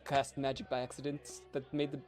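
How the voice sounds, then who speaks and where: A man playing his character in a tabletop game, hesitant and quick to laugh. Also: medium pitch, little pitch movement, music in the background. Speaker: player. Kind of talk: in-character tabletop role-play.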